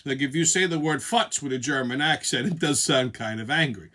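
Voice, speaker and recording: A man's voice: medium pitch, expressive, fairly quick, sharp tone. A man hosting a comedic monologue show, profane and laughing at his own jokes. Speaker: host.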